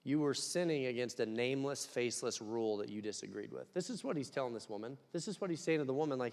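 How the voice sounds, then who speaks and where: A young man preaching a conversational sermon, dropping to quiet asides and rising to loud, emphatic peaks. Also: mid-range voice, animated, quick pace, gravelly, few pauses. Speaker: pastor. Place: church hall. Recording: long hall reverb.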